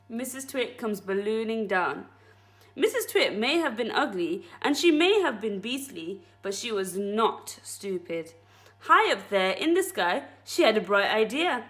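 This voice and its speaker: Expressive woman reading a storybook. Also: medium pitch, a little slow, faint music behind. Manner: friendly, expressive reading to children. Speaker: teacher reading a story aloud. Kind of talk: children's story time reading.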